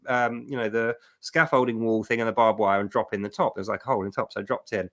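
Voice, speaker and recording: A middle-aged man hosting a livestream, telling a personal testimony with emphatic, animated storytelling. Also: medium pitch. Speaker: livestream host.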